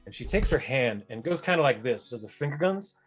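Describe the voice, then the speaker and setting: A man's voice: medium pitch, animated, a little fast, husky, faint music behind. A man narrating a tabletop game as game master, chatty and descriptive, often correcting himself.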